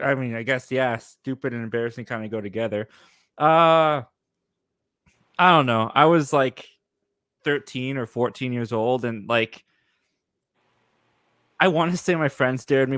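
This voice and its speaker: A man's voice: mid-range voice, moderate pace, a bit bright, clean tone, dry recording, studio quality. A man telling a rambling, self-mocking story as a guest in a casual chat. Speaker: guest co-host.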